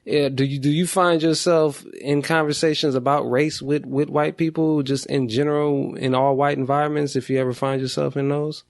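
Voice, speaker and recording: A man hosting a podcast, asking curious, probing questions in a relaxed, conversational way. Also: on the high side, normal speed, vocal fry, hardly any pauses, no echo, clean studio sound. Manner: curious, inquisitive, laughs easily. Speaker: podcast host. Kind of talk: interview.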